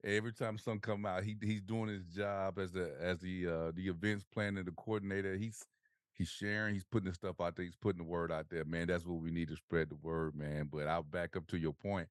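Male podcast host, forties, very low voice, dry close sound, lively storyteller. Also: brisk, dry recording. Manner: animated storytelling, laughs often, acts out quotes. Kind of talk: casual conversation.

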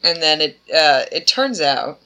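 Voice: mid-range voice, sing-song, unhurried, sharp tone. A podcast co-host in casual chat who rambles and slips into offhand character voices.

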